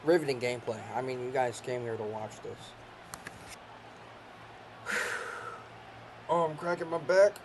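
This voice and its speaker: A man's voice: medium pitch, unhurried, long pauses, noisy background. Young man swearing over a football game. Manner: joking, swearing, excitable outbursts. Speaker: gaming channel host. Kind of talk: casual gameplay commentary.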